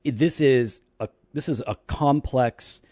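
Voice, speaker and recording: A man co-hosting a casual theology podcast, dry and teasing, slowing down when he explains doctrine. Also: mid-range voice, a little mellow, no echo. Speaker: podcast co-host.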